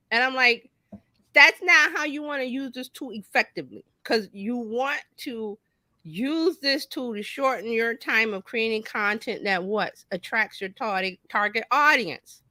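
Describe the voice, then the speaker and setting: A woman marketing coach talking casually on a talk show, lively and folksy, acting out little quoted voices as she explains. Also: fairly high pitch, no room sound.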